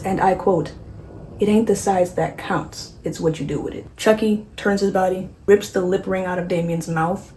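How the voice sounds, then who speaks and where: A woman hosting a casual horror movie recap, sarcastic and offhand, full of quick asides. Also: fairly low pitch, darkish tone, a little hiss or hum, low-quality recording.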